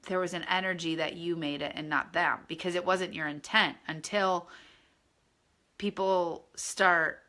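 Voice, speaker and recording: A woman's voice: lowish voice, fairly even intonation, a little slow, sharp tone. A woman leading a spiritual course, talking earnestly and conversationally and often checking in with her listeners. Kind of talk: casual spiritual teaching.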